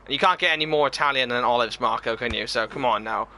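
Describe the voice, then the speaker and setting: Chatty man, bright voice. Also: mid-range voice, fast. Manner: chatty, reads viewer comments aloud and answers them. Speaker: gaming streamer. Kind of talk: casual live-stream chat.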